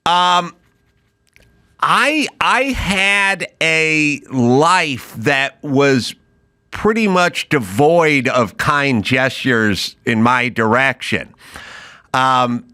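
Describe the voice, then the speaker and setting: A man's voice: mid-range voice, expressive, very slow, bright, forceful tone, clear, resonant tone, no echo. A man hosting a podcast, telling stories in a dry, offhand way. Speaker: podcast host. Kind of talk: casual podcast conversation.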